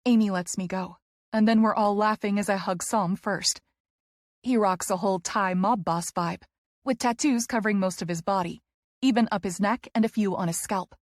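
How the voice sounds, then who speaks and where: A woman's voice: medium pitch, normal speed, no echo, studio quality. A woman narrating a first-person romance audiobook with emotional, breathless storytelling.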